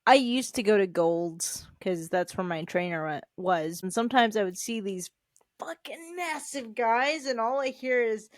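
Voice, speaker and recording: A woman co-hosting a podcast, chatting casually in an animated way, laughing often and swearing freely. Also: mid-range voice, normal speed, hardly any pauses, dry recording, studio quality. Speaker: podcast co-host. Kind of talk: casual chat.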